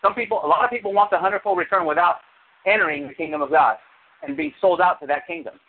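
A man preaching a sermon as pastor, animated, with sudden high exclamations. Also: fast. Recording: tinny phone-like sound.

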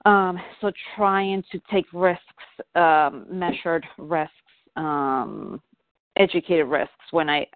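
A woman's voice: sits low, takes it slowly, no echo. A woman, a parent, talking candidly on a call, rambling and self-reflective with many fillers and restarts. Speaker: parent seeking guidance. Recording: dry, tinny phone line.

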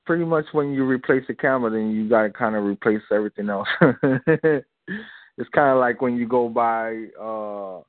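A man's voice: medium pitch, normal speed, no echo. Talkative man on a tinny phone line. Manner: loose and talkative, repeats himself, laughs often. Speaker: guest filmmaker. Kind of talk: casual interview on a call-in radio show.

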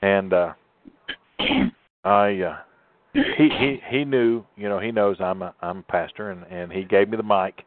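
A man's voice: low-pitched, normal speed. A man hosting a talk show, a pastor speaking with emphatic, sermon-like conviction and drawing out key words. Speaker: host and pastor. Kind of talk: preachy radio talk. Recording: tinny phone line, dry.

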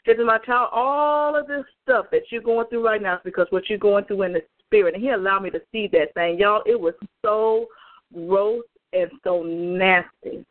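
A woman evangelist delivers an emphatic, fervent testimony on a prayer call, addressing her listeners directly by phone. Her medium-pitched voice is steady and moves at a normal speed over a tinny phone line.

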